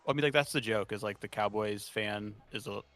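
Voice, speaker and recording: A man's voice: on the low side, brisk, fairly bright tone. Playful male podcast co-host. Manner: laughs easily, playful. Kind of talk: casual chat.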